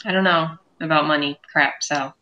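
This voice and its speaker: A woman hosting a casual recap chat, animated and swearing freely as she retells the plot. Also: low-pitched, normal speed, highs cut off. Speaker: show host and reviewer.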